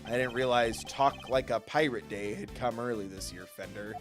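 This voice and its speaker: A man voicing a composed, formal male prosecutor in a video game, measured and dry. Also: music in the background, lightly acted. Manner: low, measured and dryly formal.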